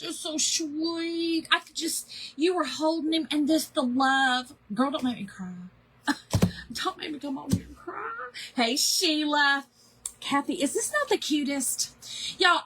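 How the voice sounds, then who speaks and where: A woman's voice: high voice, pushed and bright, slightly rough. A woman hosting a casual craft livestream, chatting in a rambling way, greeting viewers by name and poking fun at herself.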